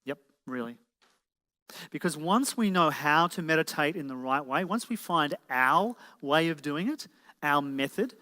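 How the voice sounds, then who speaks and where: With lively intonation and a measured pace, this man's high-leaning voice comes across bright and forceful. He's a motivational speaker giving a live presentation to an event hall audience, full of rhetorical questions, recorded in a reverberant space.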